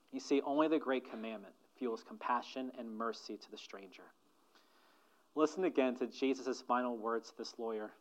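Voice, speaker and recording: A man preaching a sermon as pastor, swinging from loud emphatic lines to hushed near-whispers and slowing down to stress key phrases. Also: medium pitch. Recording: dull, muffled sermon recording.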